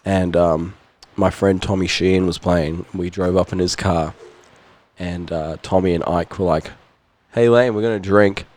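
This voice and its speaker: A man with a New Zealand accent, a guest musician, telling a story in casual chat, animated, laughing often and swearing freely. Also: low voice, a little slow. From New Zealand, Auckland.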